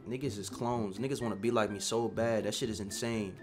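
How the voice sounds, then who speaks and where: A man's voice: fairly low pitch, fairly even intonation, brisk, over music. Brash slangy New guy, 19. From Queens, New York. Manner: brash, slangy, flirting cockily. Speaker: streamer chatting with strangers. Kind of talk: casual video-chat banter.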